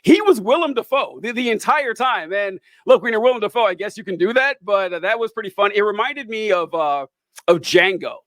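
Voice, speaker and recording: A man's voice: sits high, animated, fairly quick, fairly bright tone, no echo. A man co-hosting a casual chat about a movie, rambling and swearing freely with frequent laughs. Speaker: podcast co-host.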